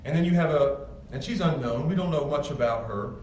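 High-voiced man preaching in echoey church. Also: a little fast, darkish tone, a little hiss or hum. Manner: conversational, emphatic preaching with repeated restarts. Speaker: pastor. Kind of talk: sermon. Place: church sanctuary with congregation. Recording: echoey room, far from mic, faint ambience.

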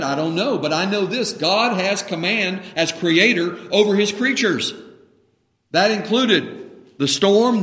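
A man's voice: high voice, bright, forceful tone, long reverb tail. A man preaching a sermon, earnest and building to emphatic commands.

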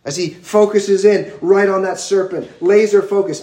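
A man's voice: sits high, steady tone, normal speed, dark tone, reverberant. A male pastor preaching an expository sermon in an earnest, emphatic way, stacking lists of words one after another.

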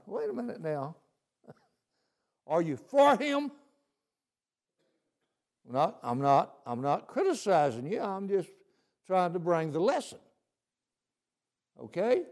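A man's voice: a little high, big pitch swings, takes it slowly, long pauses, a little mellow. A male preacher delivering a folksy sermon, often asking "See?".

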